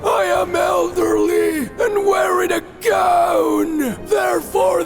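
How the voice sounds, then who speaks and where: A lizard priest that plays at being an evil old pope, loud and theatrical, as a performer voices him. The voice sits very high and crackles with a gravelly rasp. He is a fan-dubbed anime comedy figure. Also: exaggerated voice. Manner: booming, theatrical and hammy. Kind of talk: fan-made abridged anime comedy dub.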